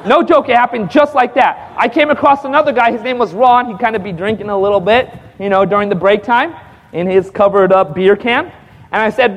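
A man giving his testimony to a congregation as an evangelist. He tells the story lively, acts out the dialogue with frequent chuckles, and calls out to the audience for responses. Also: high voice, brisk, long reverb tail.

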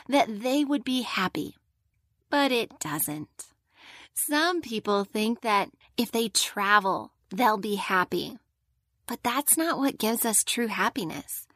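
Warm-voiced woman teaching a Bible lesson. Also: on the high side, no room sound, clean studio sound. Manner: gentle, slow and emphatic on key points, asks the listeners questions.

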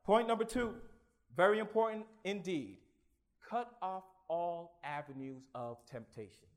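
Man preaching, high voice, hushed then loud, stammers and repeats words. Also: lively intonation. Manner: swings from hushed, halting recollection to loud exclamations. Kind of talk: sermon with personal testimony.

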